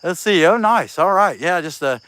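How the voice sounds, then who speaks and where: Chatting casually with his livestream audience while carving with a chainsaw outdoors at a rural spot, this Southeast Ohio man jokes in a folksy country, Appalachian-leaning accent, reads viewer names, and sounds out of breath. He's animated with a high, fairly bright voice at a moderate pace; there's no echo, but the recording is rough.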